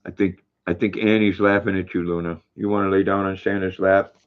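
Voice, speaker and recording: Older male stream host, folksy and easygoing, reads chat aloud; muffled low-fi audio. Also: flat delivery, brisk. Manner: folksy, reads viewer comments aloud, talks to his dog. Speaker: livestream host. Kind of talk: casual livestream chat reading comments.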